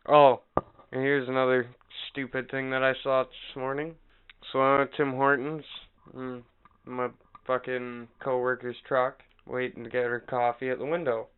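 A man co-hosting a podcast, telling stories in casual chat, animated and profane, acting out what others said. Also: mid-range voice, normal speed, slight background noise. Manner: animated, profane, acts out quotes. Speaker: podcast co-host. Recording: tinny phone-like sound.

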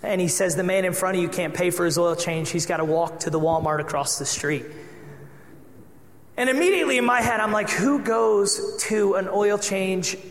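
A man preaching a sermon as pastor, telling a personal story with lively acted-out dialogue. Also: sits high, normal speed. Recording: echoey hall with long reverb.

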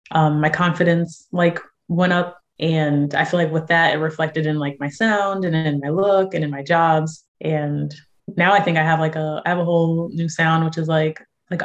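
A young woman from San Diego, USA, with a low-pitched voice chats casually as a guest musician and actress in an interview. The recording is muffled, and her talk is full of fillers and easy laughs.

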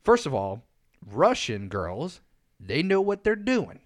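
A man co-hosting a podcast in casual chat, telling crude stories bluntly and dropping to a hushed voice for the details. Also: a little high, wildly swooping pitch, slow pace. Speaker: podcast co-host.

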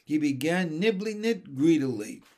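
A man reading a children's storybook aloud, expressive and animated. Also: fairly high pitch, measured pace. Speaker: audiobook reader.

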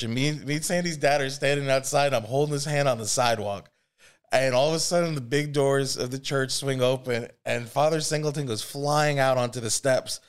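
A man's voice: medium pitch, clean tone. A man hosting a podcast, telling a story in a casual, rambling, profane way, full of filler words. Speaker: podcast host.

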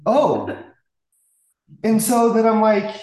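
A man telling a classroom story in a casual, animated way, acting out the voices he quotes, with stammering restarts. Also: high-pitched, slow pace. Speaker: guest music teacher. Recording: roomy echo.

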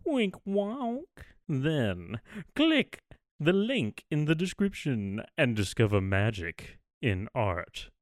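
A man's voice: medium pitch, big pitch swings, slow pace, no room sound, clean studio sound. A man voicing a scheming, theatrical sorcerer villain who gloats as he reads an ad. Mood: hammy.

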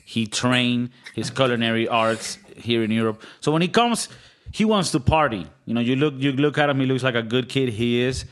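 A man's voice: medium pitch, expressive, moderate pace, clean tone. Male podcast host, casual and rambling, jokey, mid-range voice. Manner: rambling, joking, slips into mock accents.

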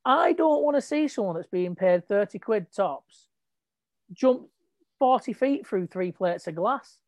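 Lively opinionated woman. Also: medium pitch, a little slow, no room sound. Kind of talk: casual chat about wrestling.

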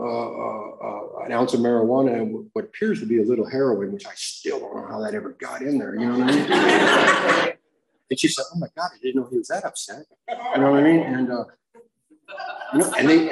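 A middle-aged American man tells a rambling recovery story with a casual, streetwise manner, often adding "you know what I mean" and "dude". His voice sits at a mid pitch but climbs sharply when he acts out a shouting match. The sound has the roomy echo of a meeting hall. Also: moderate pace, vocal fry, background noise. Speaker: recovery speaker. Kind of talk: recovery share. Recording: echoey room.

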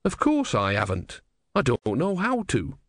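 A man's voice: mid-range voice, wildly swooping pitch, a little slow, dry recording, studio quality, pitched above the performer's own voice, full character voice. A man voicing an earnest young novice. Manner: earnest, pious, hesitant. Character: earnest naive young male novice monk.

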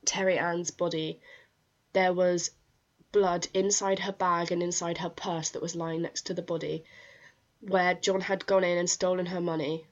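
A woman co-hosting a podcast, telling a crime case in a casual, chatty way with many fillers and restarts. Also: fairly low pitch. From England. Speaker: podcast co-host. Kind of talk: casual true-crime chat. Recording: dull lo-fi sound.

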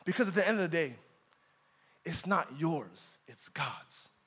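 A young man preaching a sermon in church, dramatic, moving from loud emphatic lines to quiet asides. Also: a little high, sing-song, a little slow, breathy edge.

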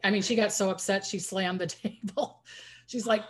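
A woman's voice: medium pitch, fairly even intonation, a little fast. A woman psychic medium telling stories in a casual interview, rambling with many restarts. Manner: rambling, restarts often, acts out quoted voices.

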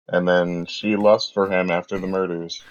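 A man co-hosting a movie podcast, calmly walking through the plot step by step. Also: sits low, lo-fi sound. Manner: slow, even plot recapping. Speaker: podcast co-host. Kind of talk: casual movie recap.

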